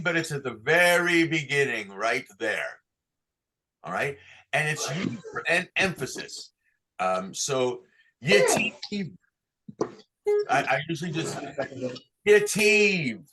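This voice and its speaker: A man's voice: on the high side, lively intonation, slow pace, background noise. A man teaching Torah cantillation online, patiently explaining each sign and singing short chant examples for the class to repeat.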